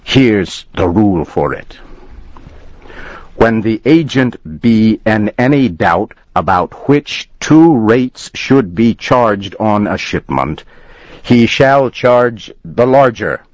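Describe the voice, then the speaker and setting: A man voicing a stubborn, gruff express agent, firm and insistent. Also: on the low side, expressive, takes it slowly, a little mellow, dry recording. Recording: dull lo-fi recording.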